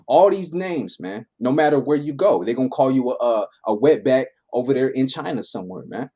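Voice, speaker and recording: A man teaches a scripture class in a loose, talky style, with a voice of ordinary male pitch. He reads a verse, then unpacks it casually and keeps asking "right?" to pull his listeners along. He talks like he is chatting with friends rather than preaching from a pulpit. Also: expressive, brisk, hardly any pauses, mellow, breathy edge. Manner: conversational, tags lines with "man" and "right?".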